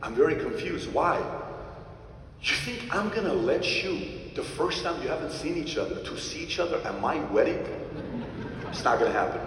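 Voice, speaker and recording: A man telling a personal story to an audience, emphatic, jumping between loud outbursts and quiet asides. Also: a little high, animated, normal speed, a little hiss or hum. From Iran. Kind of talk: animated storytelling to a live audience. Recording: echoey hall from far off.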